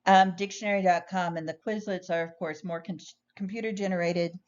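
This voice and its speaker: Female ESL teacher, lower-pitched, deliberate and clear, on a slightly muffled recording. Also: fairly even intonation, a little mellow. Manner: slow, clear teaching delivery with careful word examples. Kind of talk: recorded lesson.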